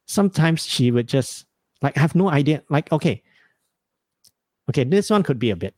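A man's voice: on the high side, animated, moderate pace, darkish tone, dry recording. A man, hosting a podcast and telling rambling, self-mocking comic stories with frequent laughs. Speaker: podcast host. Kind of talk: casual comedic storytelling.

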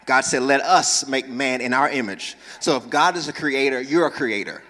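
A man preaching a sermon as pastor, talking with lively energy, joking asides with the congregation and emphatic calls to action. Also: medium pitch, normal speed. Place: church sanctuary. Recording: long reverb in large church.

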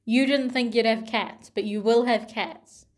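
A young woman talking gently and tenderly to her younger self, with pauses and soft laughs. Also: on the high side, fairly even intonation. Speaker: vlogger.

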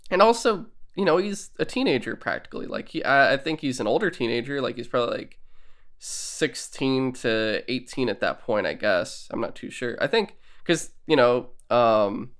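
A man's voice: mid-range voice, lively intonation, moderate pace, a bit bright. A man co-hosting a podcast in casual chat, rambling, laughing often and acting out quotes. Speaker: podcast co-host.

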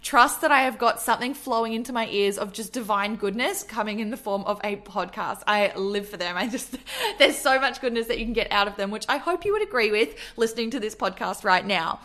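A young adult woman from Australia with an Australian accent, hosting her podcast in a bubbly, effusive monologue full of excitement. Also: on the high side, a little fast. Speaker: podcast host. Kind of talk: enthusiastic solo podcast monologue.

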